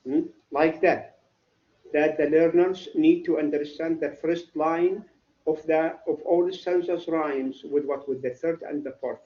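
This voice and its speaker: Slow, male teacher in echoey classroom. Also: fairly high pitch, fairly even intonation, highs cut off. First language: Arabic. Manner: repetitive, quizzes students with "what?". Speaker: English literature teacher. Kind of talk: classroom lecture.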